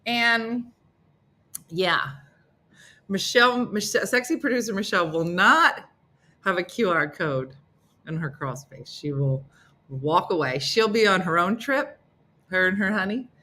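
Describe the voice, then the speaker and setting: Woman, middle-aged, live show host, casual morning chat, playful, teasing, bright voice. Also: expressive, measured pace, pauses often. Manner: playful, teasing, bursts into high silly voices for others.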